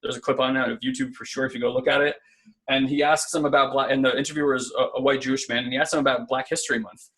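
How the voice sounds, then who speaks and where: A man's voice: mid-range voice, level tone, rapid-fire, fairly bright tone. A man co-hosting a casual spiritual self-help talk, earnest and conversational, often checking in with "right?". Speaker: podcast co-host.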